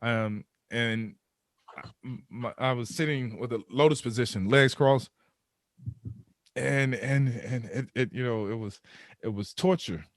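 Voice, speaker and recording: A man's voice: medium pitch, measured pace, dry recording, clean studio sound. Man telling a raw personal story. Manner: animated storyteller, acts out his own inner voice. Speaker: podcast guest. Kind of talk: candid storytelling interview.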